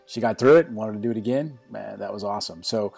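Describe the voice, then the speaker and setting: A man in his forties, a podcast co-host, chatting casually and telling a family story with halting starts and repeated words. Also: lowish voice, gravelly, darkish tone, slightly rough, soft background music.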